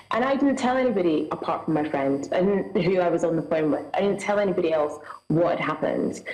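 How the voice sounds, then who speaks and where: A woman's voice: lowish voice, darkish tone, reverberant, low-quality recording. A woman with a Scottish accent, a guest recounting a personal experience in an earnest, vivid way, acting out what people said. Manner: earnest, vivid storytelling with acted-out dialogue.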